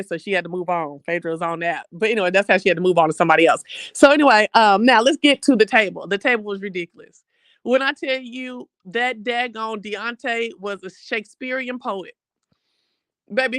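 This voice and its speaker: A chatty live-stream host recaps a reality show, animated and casual, calling the viewers "baby.". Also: mid-range voice, clear, resonant tone, no echo. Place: home streaming setup.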